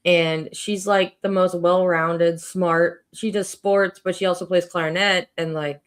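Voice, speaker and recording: A woman's voice: lowish voice, steady tone, unhurried, smooth. A woman co-hosting a casual chat, talking fondly and chattily with lots of filler likes. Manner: chatty, warm-hearted, many likes. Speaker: podcast co-host.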